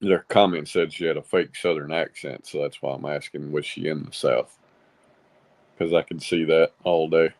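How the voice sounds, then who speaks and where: A man co-hosting a casual political chat, laid-back and quick to laugh. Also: very deep voice, fairly even intonation, no echo. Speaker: podcast co-host.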